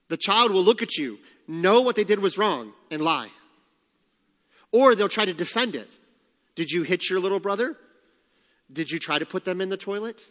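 A man with a high voice delivers a sermon, talking to the congregation in a conversational way. He poses rhetorical questions and drops in humorous asides, and his words carry a long reverb from a large hall. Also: a bit bright. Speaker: pastor.

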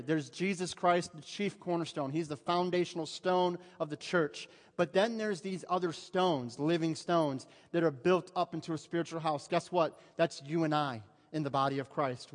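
A man's voice: a little high, normal speed, few pauses. A male pastor preaching a sermon to his congregation in a conversational way, with humorous asides. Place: church sanctuary. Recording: long hall reverb.

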